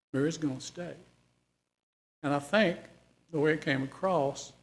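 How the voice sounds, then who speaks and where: A man's voice: a little high, vocal fry, a little mellow. A man leading a Bible study in a folksy, conversational way, putting questions to the class. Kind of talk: informal Bible study teaching.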